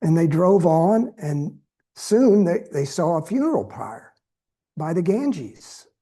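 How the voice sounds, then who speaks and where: A man giving a dharma talk as a Buddhist teacher, telling a story in a slow, measured way with pauses. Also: on the high side, big pitch swings, dark tone, slightly rough.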